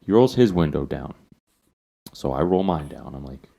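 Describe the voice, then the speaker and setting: A man hosting a podcast, telling a story in a casual, animated and profane way. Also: a bass voice, moderate pace, creaky, lo-fi sound. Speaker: podcast host.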